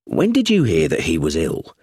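A man's voice: a bass voice, wildly swooping pitch, normal speed, a little mellow, breathy edge, no room sound, studio quality, pitched below the performer's own voice, heavily acted. A man voicing a polite, methodical police inspector in a read story, speaking in a businesslike way.

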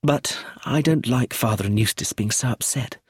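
A man voicing a calm, firm young heiress who speaks clearly and matter-of-factly in a storybook reading. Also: mid-range voice, moderate pace, dry recording, studio quality, lightly acted.

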